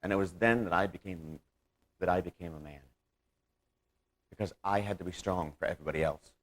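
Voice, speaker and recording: Low-voiced man performing a stage monologue. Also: a little fast. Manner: theatrical, swings between loud outbursts and hushed recollection.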